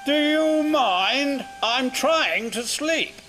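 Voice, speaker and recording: A man voicing a haughty, sharp-tongued old female steam lorry in a storybook reading, snooty and scolding. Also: very high-pitched, animated, very slow, pitched above the performer's own voice, heavily acted. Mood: grumpy. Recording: narration over music.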